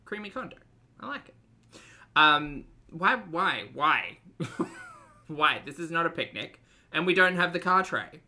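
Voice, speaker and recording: A man's voice: on the high side, very animated, a little slow, long pauses, sharp tone. A young man hosting a casual reaction commentary, chatty and sarcastic, laughing often. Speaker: commentary channel host.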